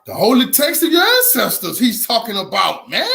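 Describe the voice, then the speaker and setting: Brief: man, very high bright voice, impassioned preaching commentary, repetitive and loud at times. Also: wildly swooping pitch, normal speed, vocal fry. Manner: fiery, preachy, repeats himself, shouts at times. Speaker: commentator reacting to a speech.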